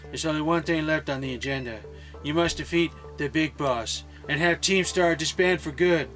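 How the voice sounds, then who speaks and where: A guarded young woman who leads a rebel team, voiced by a man reading aloud. The slightly raised voice stays plain and steady, with game music faint in the background. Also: on the high side, moderate pace, close to an everyday voice. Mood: sincere. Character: secretive young female team leader.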